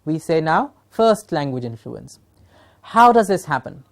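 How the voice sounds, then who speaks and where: A woman trainer from Punjab speaks, her voice sitting a little low. She lectures emphatically to a room of teachers, posing rhetorical questions and checking in with the class. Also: sing-song, unhurried, gravelly. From Punjab, India.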